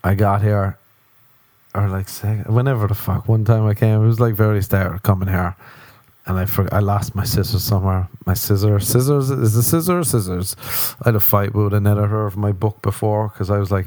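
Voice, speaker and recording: An Irish man rambles through a self-mocking, sweary story on his solo podcast. His voice sits low and mellow. The sound is dry and close. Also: fairly even intonation, fairly quick, no echo. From Ireland. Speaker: podcast host.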